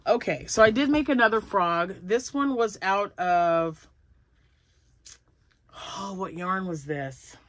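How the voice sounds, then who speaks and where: A woman's voice: medium pitch, slow pace, fairly bright tone. An older woman chatting casually at home about her crochet projects, rambling and laughing often. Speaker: crochet vlogger. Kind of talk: casual chat.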